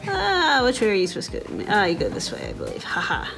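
A woman's voice: mid-range voice, huge pitch swings, quick pace, gravelly, over music. A woman co-hosting a casual toy unboxing, teasing her partner in a dry way. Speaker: co-host.

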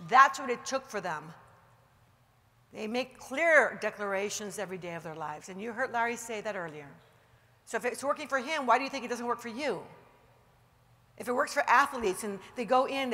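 Woman, motivational seminar speaker, emphatic and rallying, slow soothing guidance, bright tone, long hall reverb. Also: on the high side. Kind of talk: motivational seminar talk with guided meditation.

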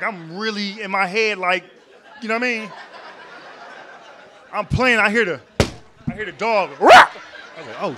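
A man doing a stand-up comedy set in a club, telling a story in an animated, slangy way and acting out voices. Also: sits high, slight background noise. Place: comedy club stage before a live audience.

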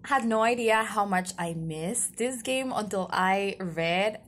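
A young adult woman vlogger chatting casually and excitedly about a story game, giggling and gushing as she fangirls. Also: mid-range voice, slow, slight background noise. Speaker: gameplay vlogger. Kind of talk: casual chat.

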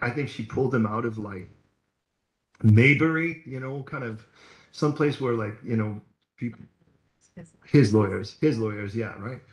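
A man's voice: mid-range voice, roomy sound, poor audio. A man preaching a sermon as pastor, talking in a conversational, storytelling way. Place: church hall.

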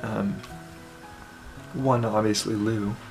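A man talks to camera in a relaxed, halting way, stopping often with ums. His mid-pitched voice has a gravelly edge, with music playing underneath. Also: low-quality recording. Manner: halting, full of ums and pauses. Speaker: vlogger. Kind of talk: heartfelt casual talk to camera.

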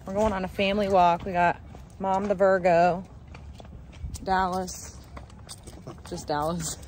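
Chatty young woman vlogger, lower voice. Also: flat delivery, measured pace, darkish tone, a little hiss or hum. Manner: chatty, rambling, self-deprecating asides. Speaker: vlogger and new mother. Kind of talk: casual vlog chat.

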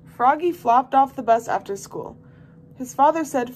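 A woman volunteer reading a children's picture book aloud with expressive, lively storytelling. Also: sits high, unhurried, a little hiss or hum. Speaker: volunteer reader.

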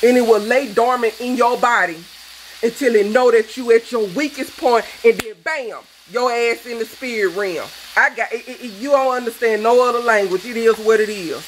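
A woman's voice: fairly high pitch, moderate pace, a little hiss or hum, rough recording. Fervent woman preaching at viewers. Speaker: cooking channel host. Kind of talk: impassioned vlog rant.

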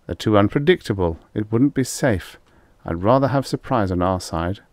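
A man's voice: lowish voice, expressive, normal speed, dry recording, lightly acted. A man voicing a cautious male guide who speaks curtly and plainly. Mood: explaining. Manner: curt, matter-of-fact.

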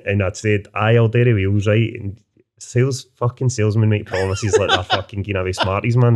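A Scottish man telling sweary, animated anecdotes in casual interview chat, dropping "man" into nearly every sentence. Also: lowish voice, moderate pace. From Scotland. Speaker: author guest.

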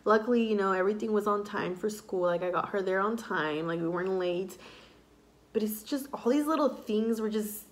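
A woman's voice: medium pitch, fairly quick. A young woman and mother talking casually and emotionally to her vlog audience, rambling with lots of fillers. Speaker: vlogger, mother.

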